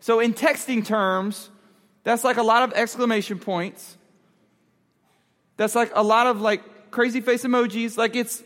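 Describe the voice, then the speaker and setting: A man's voice: extremely high pitch, fairly even intonation, measured pace, fairly bright tone. A man giving a casual youth sermon, talking with the audience and asking them questions. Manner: conversational, asks the audience questions. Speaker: youth pastor. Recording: long hall reverb.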